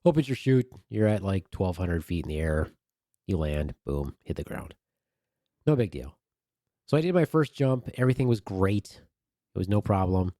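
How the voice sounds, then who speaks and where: A man on a podcast telling an animated story with crude humor in a casual way. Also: low voice, moderate pace, dry recording, clean studio sound. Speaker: podcast co-host.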